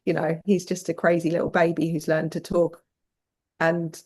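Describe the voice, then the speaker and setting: A woman's voice: low voice, level tone, moderate pace, a little mellow. Frank, swearing British woman. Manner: frank and swears casually, acts out quoted voices. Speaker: podcast guest. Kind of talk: candid conversational storytelling.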